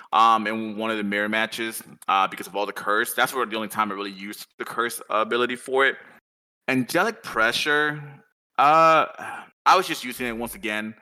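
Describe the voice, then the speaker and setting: Guy rambling on a podcast, lowish but bright voice, lots of ums. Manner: rambling, animated, many fillers. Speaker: podcast guest. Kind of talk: casual podcast chat.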